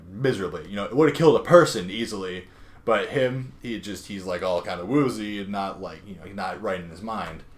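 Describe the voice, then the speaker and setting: A man casually retelling a comic book's plot on a podcast, rambling with lots of fillers and quoted dialogue. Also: on the low side. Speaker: podcast co-host recapping a comic. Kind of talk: casual chat.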